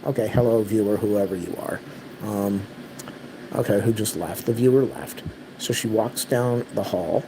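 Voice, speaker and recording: A man's voice: on the low side, moderate pace, vocal fry, noisy background. A man telling an exasperated, repetitive story to his viewers in a casual rant. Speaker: vlogger.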